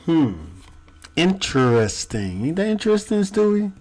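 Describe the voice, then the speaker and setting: A man hosting a live show, commenting in a slow, pointed, questioning way on a clip he plays. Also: high voice, very animated, darkish tone. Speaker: host reacting to a clip. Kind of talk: commentary over a played clip.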